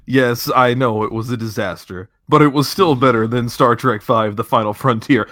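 A man's voice: mid-range voice, normal speed, hardly any pauses, a bit bright, no room sound. A man co-hosting a comedy podcast, delivering mock announcer lines and joking with frequent laughs. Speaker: podcast co-host.

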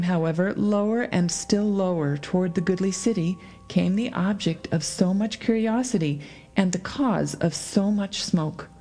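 A woman narrating a story aloud in an expressive reading style, with dramatic pauses. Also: mid-range voice. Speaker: audiobook reader. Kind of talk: scripted narration.

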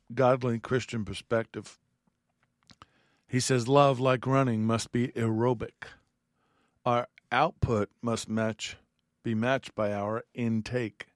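A man's voice: mid-range voice, no echo, studio quality. A man giving a heartfelt radio Bible teaching, reading scripture aloud and speaking earnestly.

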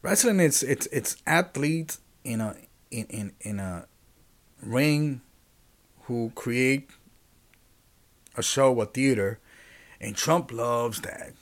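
A man hosting a podcast alone, holding forth in a loose, rambling monologue. He talks animatedly, keeps restarting his sentences and turns to address his listeners directly. His voice sits at an ordinary middle pitch for a man. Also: expressive, slow pace, pauses often. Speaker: podcast host.

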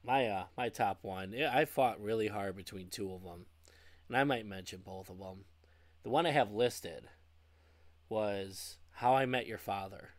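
A man's voice: lowish voice, measured pace, dry recording. A man co-hosting a podcast, ranting casually about bad TV shows with plenty of swearing. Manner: profane, animated ranting. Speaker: podcast co-host.

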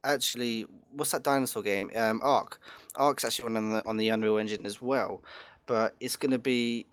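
A man chats loosely about games and drifts between half-finished thoughts. His voice is mid-pitched and sounds dry, with no room around it. He keeps circling back with fillers and restarts. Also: steady tone, moderate pace, clean tone, dry recording. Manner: rambling, frequent fillers and restarts. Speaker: podcast co-host. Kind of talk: casual gaming chat.

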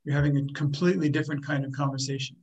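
Man, workshop teacher, slightly high voice, calm, explanatory, repeats words. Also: very fast, dull audio. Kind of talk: teaching a group, with acted example lines.

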